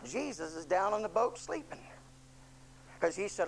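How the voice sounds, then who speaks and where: Impassioned preacher swinging hushed to shouting. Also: medium pitch, big pitch swings, moderate pace, pauses often, slight background noise, rough recording. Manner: emphatic repetition and rhetorical questions. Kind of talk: sermon.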